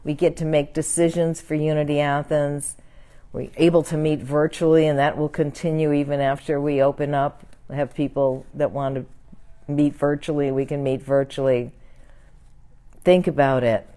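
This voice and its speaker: A woman minister leading a prayer and closing a church service in a gentle, prayerful way. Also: sits low, level tone, moderate pace.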